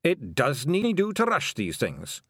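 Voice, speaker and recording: Wee scottish pixie boss, blustery and jumpy, pitched up, guy doing the voice. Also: huge pitch swings, measured pace, husky, no echo, studio quality, exaggerated voice. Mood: sheepish. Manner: blustering and quavering. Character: small rowdy male pixie chief, nervous bluster.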